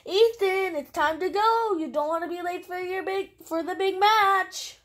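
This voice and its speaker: A storybook mother calling out across the house, as a woman reading aloud voices her. High and raised, carrying the words. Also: a little slow.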